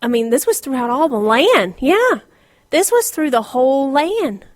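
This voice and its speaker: Woman, middle-aged, informal Bible lesson, lively delivery, drops to whispers, dry close sound. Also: high voice, a little slow, no room sound. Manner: animated, laughs often, drops to a whisper for emphasis. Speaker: Bible teacher.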